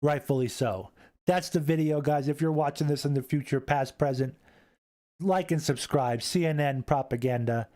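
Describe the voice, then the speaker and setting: A man hosting a casual live stream, rambling, repeating himself and reading chat aloud into a boom-arm desk mic. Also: normal speed, warm tone.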